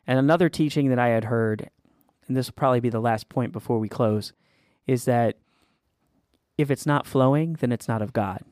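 A male podcast host with a mid-range, slightly dark voice talks briskly in a casual faith podcast for small business owners. He tells stories in an earnest, encouraging way. The recording is clean studio audio with no room sound.

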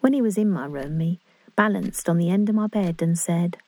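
A woman's voice: fairly low pitch, normal speed, darkish tone. A woman playing a gushing English girl in love. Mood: excited. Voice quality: chatty, confiding, self-conscious. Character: earnest, awkward young woman in love. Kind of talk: dramatic monologue.

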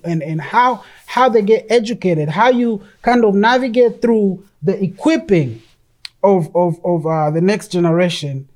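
A preacher in the middle of a sermon, talking at an ordinary middle pitch. The delivery is emphatic, with frequent stumbles and repeated words as sentences restart. Passages from an article and scripture are read aloud along the way. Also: darkish tone.

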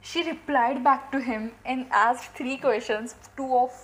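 Eager high-voiced woman chatting. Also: measured pace, a bit bright, low-quality recording. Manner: eager storyteller, restarts and fillers. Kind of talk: casual chat.

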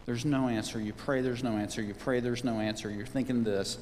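A man's voice: medium pitch, fairly even intonation, brisk, darkish tone, long reverb tail, slight background noise. A man preaching a sermon as a pastor, emphatic, repeating key phrases for stress.

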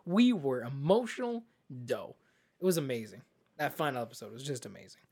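A man co-hosting a casual film podcast, excitable and animated, often acting out scenes as he talks. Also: medium pitch, a little fast, husky. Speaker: podcast co-host. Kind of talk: casual film review chat.

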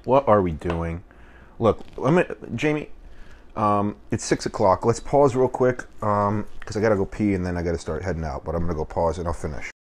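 A man's voice: fairly low pitch, a little fast, pauses often, noisy background. A male comedian breaking from his bit to talk casually and off the cuff. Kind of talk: casual stand-up aside.

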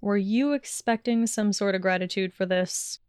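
Sneering young wizard voiced by a woman, drawling, bored, smooth tone, dry sound. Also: mid-range voice, moderate pace, a little mellow, no echo, natural voice. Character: sharp-tongued sneering young wizard man. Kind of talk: fan fiction audiobook reading.

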